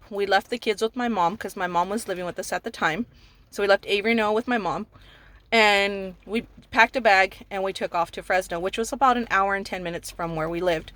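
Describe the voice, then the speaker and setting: Speaking in a mid-range, slightly bright voice, a woman in her thirties from California gives an emotional testimony about her son, reenacting dialogue as she recounts it.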